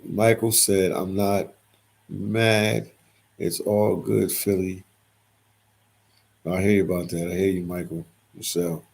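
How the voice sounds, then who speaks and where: A man with a low voice that sits deep in gravelly fry hosts a casual livestream. He reads out the chat and answers it in a loose, repetitive way, and his voice sounds husky. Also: little pitch movement, slow, pauses often, darkish tone. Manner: reads chat comments aloud and replies, repeats phrases. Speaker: livestream host reading viewer comments.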